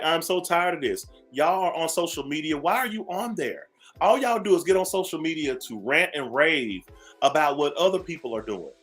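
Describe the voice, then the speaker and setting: A man's voice: fairly high pitch, fairly bright tone. A man hosting a morning radio show, ranting sassily at listeners and repeating phrases for emphasis. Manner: sassy, preachy, calls listeners "baby". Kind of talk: talk radio rant.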